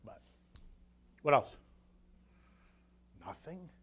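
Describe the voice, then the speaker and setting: A man from the United States, a floor broker speaking as guest, telling a story in a rambling, animated way that repeats his words. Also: extremely slow. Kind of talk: casual emotional storytelling talk.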